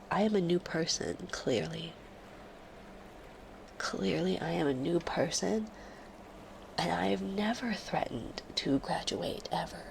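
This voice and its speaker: A woman chatting casually on her live stream while sick with a fever, often dropping into soft whispers. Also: lowish voice, gravelly, a little hiss or hum. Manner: slow and soft, drifting into whispers. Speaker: livestreamer. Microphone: close studio microphone.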